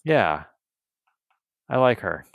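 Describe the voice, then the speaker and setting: A man's voice: on the low side, sing-song, drawn-out words, gravelly, no room sound, muffled recording. A man co-hosting a podcast, chatting casually and rambling with restarts. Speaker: podcast co-host. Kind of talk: casual chat.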